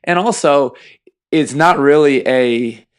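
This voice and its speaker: A man in his thirties, a podcast host and high school football coach, chatting casually and acting out dialogue as he tells stories. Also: slow pace, clean tone. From Texas. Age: 30s. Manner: storytelling, acts out dialogue, laughs while telling.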